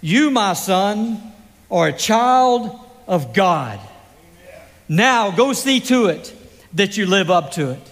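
A man's voice: sits high, expressive, takes it slowly, pauses often, fairly bright tone, big-room sound, voice pushed up, heavily acted. A man quoting a kindly old preacher, raised and ringing. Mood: warm, proud. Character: kindly older male small-town preacher.

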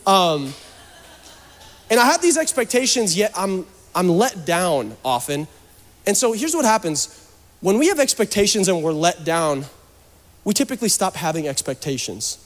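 A man's voice: high voice, sing-song, moderate pace. A man preaching a sermon as pastor, joking and conversational, then rising to fervent urging. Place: church. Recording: long reverb from a church hall.

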